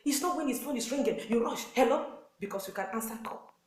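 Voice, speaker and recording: A pastor's wife with a Nigerian accent gives earnest, sermon-style marriage advice to wives, repeating key points and acting out quotes. Her voice is on the high side and fast, and the audio is poor with a roomy sound.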